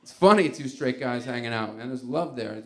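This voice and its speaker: A man's voice: mid-range voice, normal speed, a little mellow. A man doing a rambling stand-up comedy routine, chuckling and acting out little quotes. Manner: rambling, laughing, acts out quotes.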